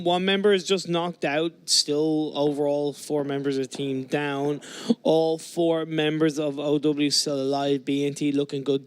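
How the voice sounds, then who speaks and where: A man's voice: a little high, no echo. A man giving live color commentary on an esports match, breaking down team strategy. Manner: analytical, drops his voice when addressing his co-caster.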